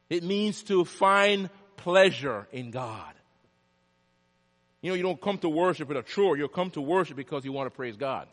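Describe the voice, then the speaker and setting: A man preaching a sermon as pastor, swinging from loud, emphatic declarations to quiet asides and prompting the congregation to answer back. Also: fairly high pitch. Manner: call-and-response prompts to the congregation. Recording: long reverb of a large hall.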